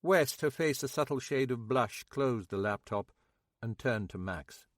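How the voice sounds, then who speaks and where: A mid-range male voice gives a measured, expressive audiobook narration from a script. It's recorded cleanly in a studio, free of echo.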